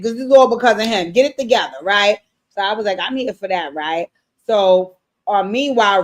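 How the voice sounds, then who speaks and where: Woman host, casual profane episode recap, animated storyteller. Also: medium pitch.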